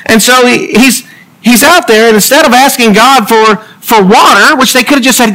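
A man's voice: very high-pitched, moderate pace, pushed and bright, poor audio. A man preaching a humorous sermon, full of jokey asides and laughter.

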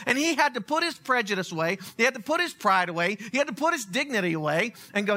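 Male pastor, sermon, animated storyteller: high, lively pitch. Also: fast, few pauses. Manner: animated storytelling, acts out characters.

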